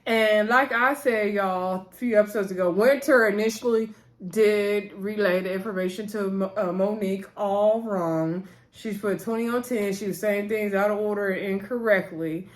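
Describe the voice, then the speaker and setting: A woman's voice: medium pitch, moderate pace. A woman recapping a reality TV episode in a casual, opinionated chat, talking straight to her viewers in slangy speech.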